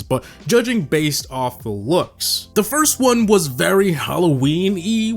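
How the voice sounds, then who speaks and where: A man giving casual, joking tier-list commentary as a gaming video creator, swearing now and then. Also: a little high.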